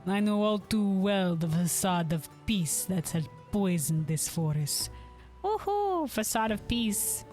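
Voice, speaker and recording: Woman doing a gruff old warrior, low voice, slow stern delivery, faint music behind, video game. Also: darkish tone.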